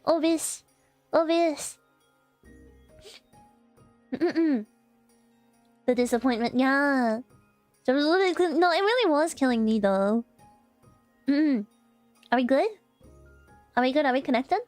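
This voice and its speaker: A woman's voice: high-pitched, expressive, slow, pauses often, a little mellow, no echo, faint music behind. A young woman streamer telling a story in casual chat, rambling with lots of fillers and restarts.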